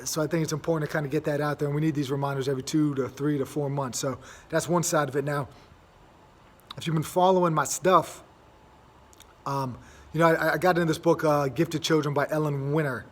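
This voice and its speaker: A man's voice: on the high side, steady tone, fairly quick. A young man hosting a casual monologue, rambling with many fillers and restarts. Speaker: host.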